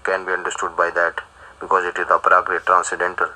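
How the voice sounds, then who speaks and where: A man giving a spiritual discourse, pausing often with restarts and fillers. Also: low voice, monotone, background noise. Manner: halting, many restarts and fillers. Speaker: spiritual teacher. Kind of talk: religious discourse translation.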